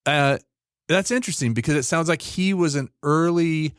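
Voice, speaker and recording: A man co-hosting a podcast in casual chat, rambling and animated with many restarts. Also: fairly high pitch, normal speed, clean tone, dry recording, clean studio sound. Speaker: podcast co-host.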